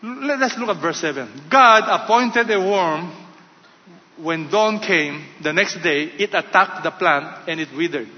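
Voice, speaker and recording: A man preaching a sermon in short, emphatic phrases, rising loud and falling quiet. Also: high voice, a little slow. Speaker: pastor. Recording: dull sound with long hall reverb.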